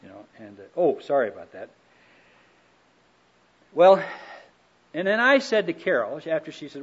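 A middle-aged man giving a relaxed, folksy talk on marriage, telling stories with gentle humor. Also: fairly high pitch, moderate pace, long pauses, husky. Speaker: speaker on marriage. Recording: dull lo-fi recording.

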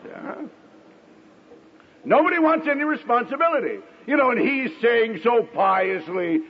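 A middle-aged man delivers a sermon in a high, husky voice that rises and falls dramatically. He leans on long pauses and now and then acts out the people in his stories. The sound is dull and lo-fi, like an old radio broadcast. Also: lively intonation, big-room sound. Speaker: preacher.

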